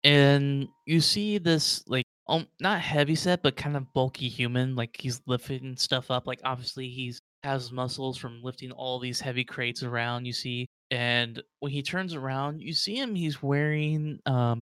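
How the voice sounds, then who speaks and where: A man narrating as game master of a tabletop game, rambling and relaxed. His voice is smooth and clear at a middle pitch, heard dry and close with no room sound. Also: measured pace, hardly any pauses, no echo. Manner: rambling, many fillers and restarts.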